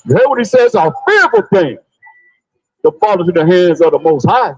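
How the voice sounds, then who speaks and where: High-voiced, fiery male street preacher. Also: big pitch swings, moderate pace, dry recording, muffled recording, faint music behind. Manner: loud, preachy, calls on a reader and repeats the verses. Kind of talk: open-air street preaching. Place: outdoors on a busy city sidewalk.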